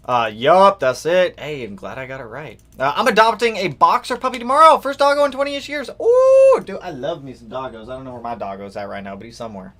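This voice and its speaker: A young man hosting a casual live stream, greeting viewers by name and reading out their comments in a relaxed way. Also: mid-range voice, quick pace, hardly any pauses, a little hiss or hum. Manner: laid-back, greets chat by name, reads comments aloud. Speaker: livestream host. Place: garage workshop, indoors.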